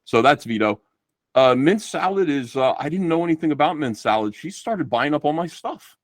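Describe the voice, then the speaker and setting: Profane, rambling middle-aged man, lively pitch. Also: moderate pace, no echo, studio quality. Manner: rambling, profane, animated storytelling. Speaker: guest comic book artist. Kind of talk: casual livestream chat.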